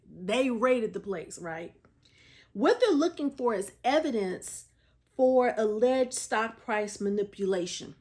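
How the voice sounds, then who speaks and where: Chatty woman hosting a podcast. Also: fairly high pitch. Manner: chatty and animated, often addressing listeners directly; laughs and chuckles between remarks. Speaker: podcast host. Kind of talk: casual solo podcast chat.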